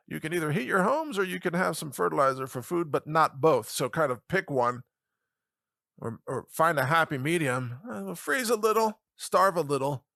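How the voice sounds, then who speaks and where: A man's voice: fairly high pitch, fairly bright tone, dry recording, clean studio sound. A middle-aged man giving a sarcastic commentary monologue as a podcast host, mocking and chuckling often between remarks.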